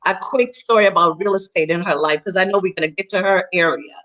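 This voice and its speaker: A woman co-hosting a virtual town hall, telling an anecdote in an animated way and acting out the quotes with big swings in her voice. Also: quick pace. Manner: lively, acts out quotes with swings in pitch. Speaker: co-host and church elder. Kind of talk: animated storytelling. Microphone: video call.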